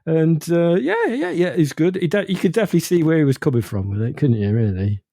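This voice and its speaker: A man with a mellow, dark voice co-hosts a casual podcast. He rambles and restarts his sentences as he thinks aloud, and he is recorded close and dry. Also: on the high side, big pitch swings, fast, no echo. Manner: rambling, hesitant, with frequent restarts. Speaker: podcast co-host. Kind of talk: casual chat.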